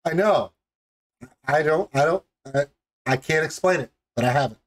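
A man's voice: fairly high pitch, moderate pace, noisy background. A man hosting a music video reaction, talking in an enthusiastic, rambling and jokey way. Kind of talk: casual reaction commentary.

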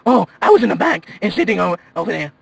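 A young man doing a profane improvised comedy voiceover, yelling and laughing often, with a raspy voice. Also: sits high, very animated, fast talker, heavy background noise.

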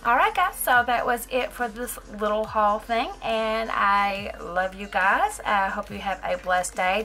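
A woman chatting casually in a haul vlog, gushing and excitable and repeating her exclamations. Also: medium pitch. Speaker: nail art vlogger.

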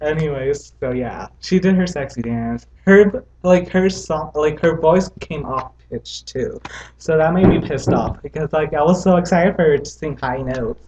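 A man chatting casually at home, gossipy and quick to react. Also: fairly high pitch, lo-fi sound, a crowd in the background. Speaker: co-host. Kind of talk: casual chat. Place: indoors at home.

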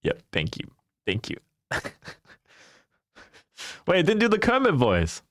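A man's voice: on the high side, huge pitch swings, takes it slowly, a bit bright, dry recording, clean studio sound. A young man live-streaming a game, chatting casually and animatedly with his viewers and laughing often.

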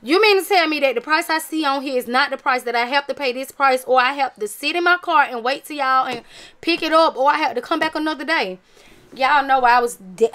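A woman vlogger with a high, fairly bright voice chats casually to camera, showing her viewers a haul of craft supplies and gift-basket items. She's talkative and emphatic.

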